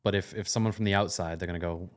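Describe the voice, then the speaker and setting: Laid-back American man, lowish voice. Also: steady tone. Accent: American, softened by years in England. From United States. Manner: laid-back, joking, tells quick stories. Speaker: podcast co-host. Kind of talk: casual chat.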